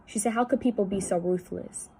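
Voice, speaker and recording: Hushed, halting woman psychic medium. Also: mid-range voice, a little hiss or hum, poor audio. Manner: halting, repetitive, often dropping to a hushed voice. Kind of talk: spirit-channeling video monologue. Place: at home.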